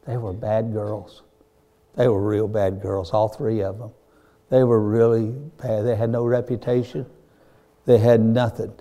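Male preacher, very dark mellow voice, fervent sermon delivery with emphatic peaks. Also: mid-range voice. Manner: fervent, repeats "my friend", rises to emphatic peaks.

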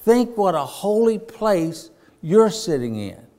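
A man preaching a sermon, slow and deliberate, rising to emphatic points. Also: sits high, sing-song, mellow. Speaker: pastor.

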